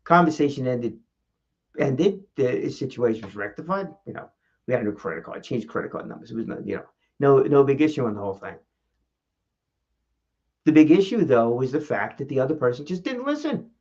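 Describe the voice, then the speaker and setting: Animated man vlogging, slightly dull sound. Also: a little fast. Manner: animated, rhetorical questions, shifts pitch for emphasis. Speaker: vlog host and speaking coach. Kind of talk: casual talking-head vlog. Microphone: camera mic.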